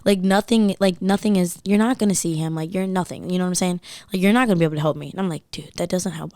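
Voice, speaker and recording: Podcast guest, woman in her 20s, animated storyteller, slightly low voice, dry booth sound. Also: no room sound. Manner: animated, says "like" a lot. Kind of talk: casual storytelling chat.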